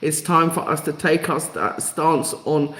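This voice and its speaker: Live stream host, male, emotional and rallying, somewhat high voice, echoey room. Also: measured pace, fairly bright tone. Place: home in Africa.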